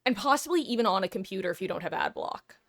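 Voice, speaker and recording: A woman's voice: medium pitch, animated, fast talker, a bit bright. A woman streamer chatting casually with her viewers, rambling and correcting herself as she goes.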